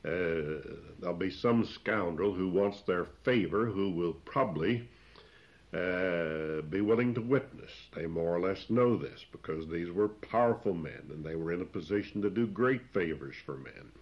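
Low-voiced male preacher, plain and deliberate, pauses often, on a muffled old recording. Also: animated. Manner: plain-spoken, explains old scripture wording, frequent "uh" pauses. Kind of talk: expository sermon. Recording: dull lo-fi recording.

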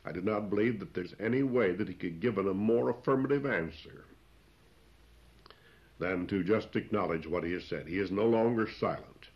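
A man preaching an expository sermon, explaining old scripture wording in plain speech with frequent pauses. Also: lowish voice. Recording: dull lo-fi recording.

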